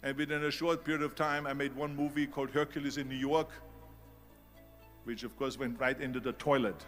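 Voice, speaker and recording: A man's voice: medium pitch, fairly even intonation, a little fast, a bit bright, soft background music. A man with a German accent giving a motivational speech, emphatic and repeating key phrases for effect. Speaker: public speaker.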